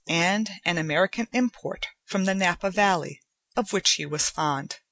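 A woman giving a measured, deliberate audiobook narration of a story. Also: on the low side, bright, forceful tone, no room sound. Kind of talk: scripted narration.

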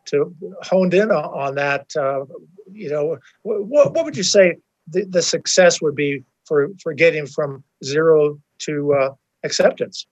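A man hosting an interview, asking his questions haltingly and repeating words as he goes. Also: fairly high pitch, animated, highs cut off. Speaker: podcast host.

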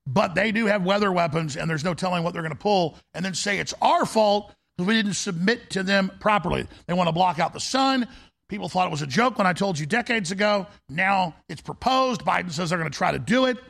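A man hosts a talk show in an intense, conspiratorial rant. His voice is gravelly and pitched high, and he pushes each point hard. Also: lively intonation, a little fast, a bit bright. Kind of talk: ranting monologue.

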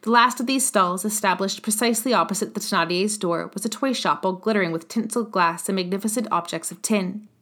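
A woman narrating a classic novel as an audiobook, in a measured, steady reading. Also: mid-range voice.

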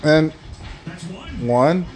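A man hosting a wrestling watch-along, excitedly calling the action, swearing a lot and shouting at the big moves. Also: on the high side, extremely slow, a crowd in the background. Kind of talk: excited live commentary.

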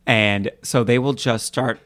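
A woman co-hosting a podcast in casual chat, animated and playful, laughing often. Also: extremely low pitch, measured pace, no echo, clean studio sound. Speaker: podcast co-host.

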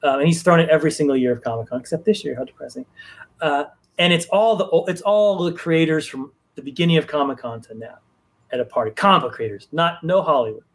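A comic book writer with a fairly high-pitched voice tells a long anecdote quickly during a casual chat on a live stream. His storytelling rambles, with many restarts and fillers.

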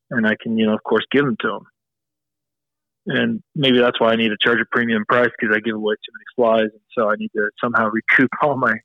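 A man's voice: medium pitch, no echo, lo-fi sound. A man talking casually as a podcast guest, rambling and leaning on "you know" as he explains his fly tying. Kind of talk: casual interview chat.

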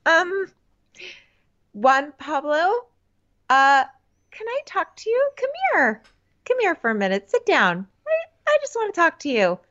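A woman putting on the voice of an angry young woman who fakes sugary sweetness, speaking high and reproachful. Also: very animated, slow pace, pushed and bright, dull audio, exaggerated voice. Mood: sugary, annoyed.

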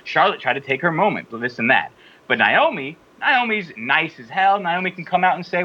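A man hosting a podcast, chatting in an animated, rambling and opinionated way. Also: on the high side, brisk, slightly rough, dull audio. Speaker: podcast host. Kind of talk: casual opinionated chat.

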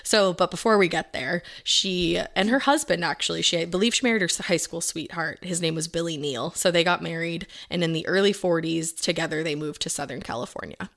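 A woman's voice: on the low side, a little fast, vocal fry, few pauses, a bit bright. A young woman co-hosting a podcast, telling a life story in casual chat and swearing freely. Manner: swears freely, acts out quotes. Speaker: podcast co-host.

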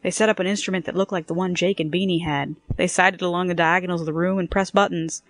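A woman narrating a first-person story in a brisk, wry storytelling manner. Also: fairly low pitch, fairly even intonation, creaky, dry recording. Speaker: audiobook narrator.

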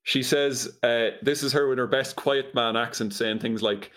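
A man's voice: medium pitch, little pitch movement, moderate pace, few pauses, a bit bright. A man chatting casually, dryly and incredulously retelling a film's plot, often laughing. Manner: dry, incredulous storytelling with laughs. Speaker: podcast co-host recapping a movie. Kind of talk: casual comedic chat.

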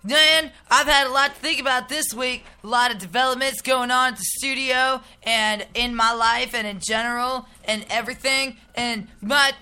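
A woman podcast host delivering a profane comedic rant, swearing and shouting through an angry tirade. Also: a little high, steady tone, moderate pace, hardly any pauses, smooth.

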